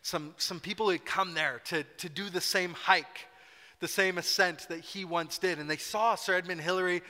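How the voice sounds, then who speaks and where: A man's voice: sits high, fairly even intonation, moderate pace, sharp tone. A man preaching a sermon as pastor, telling a story in a conversational way and acting out quotes playfully. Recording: reverberant hall.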